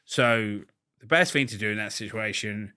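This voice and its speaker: A boastful man holds forth in a casual interview, with a bright, forceful tone. His talk is crude and full of swearing. When he tells a story, he jumps into quick put-on voices for the other people in it. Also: fairly low pitch, clear, resonant tone. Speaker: podcast guest.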